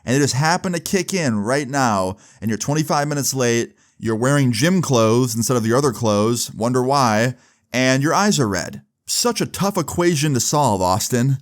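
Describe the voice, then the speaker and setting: A man's voice: mid-range voice, a little fast, lightly acted. A man voicing a stern, sarcastic male teacher scolding a student.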